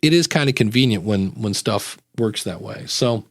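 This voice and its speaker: A man's voice: on the low side, animated, normal speed, no room sound, clean studio sound. Chatty enthusiastic male podcast host. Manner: chatty, enthusiastic, tells little stories. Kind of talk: casual chat. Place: live-streamed podcast.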